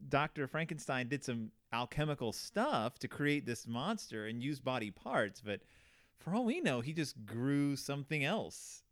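A man hosting a casual book discussion, animated and quick to act out quotes. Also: medium pitch, no echo, clean studio sound. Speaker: podcast host.

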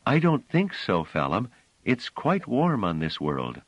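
A protective young woman speaks softly and reassuringly, voiced by a man. Her voice sits above his natural range and moves in lively curves. The storybook reading is dry and close. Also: on the low side, a little slow, no room sound, highs cut off, pitched above the performer's own voice, exaggerated voice. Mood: soothing.

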